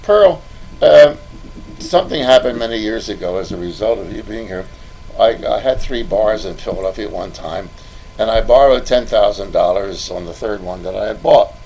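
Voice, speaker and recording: An older man hosts a podcast, his voice sitting low. He tells rambling anecdotes, circling back and restarting, over a faint hiss of background noise. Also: animated, moderate pace, a little mellow, poor audio. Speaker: podcast host. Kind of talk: podcast interview.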